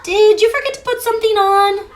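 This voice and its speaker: A woman's voice: very high voice, brisk, roomy sound, voice pushed up. A woman voicing a fussing mother frog in a storybook, calling out to her son in a sing-song way.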